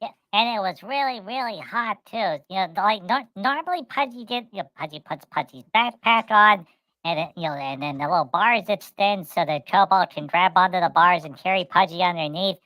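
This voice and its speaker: Woman playing bright rambling third-person chatterbox. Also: medium pitch, moderate pace, no echo, natural voice. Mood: chatty. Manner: rambling, repeats words, speaks of itself in third person. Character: cheerful guest who talks about itself in third person. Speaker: podcast guest. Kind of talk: rambling storytelling chat.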